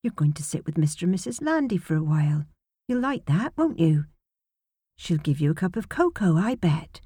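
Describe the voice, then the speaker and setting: A woman's voice: lowish voice, very animated, normal speed, dark tone, breathy edge, no room sound, clean studio sound. A woman reading an audiobook, voicing an anxious young woman who sounds tense and breathless. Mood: coaxing. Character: restless, guilt-ridden young woman, anxious.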